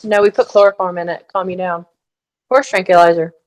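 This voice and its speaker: A woman's voice: fairly low pitch, level tone, quick pace, a little mellow. A woman player in a tabletop game, joking and giggling.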